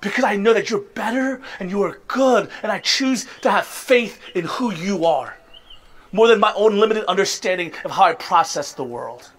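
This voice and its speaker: A man in his thirties delivers a sermon from the pulpit. His voice sits high and light for a man. He speaks earnestly and rises into impassioned appeals to his congregation. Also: expressive, normal speed, a bit bright. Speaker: pastor.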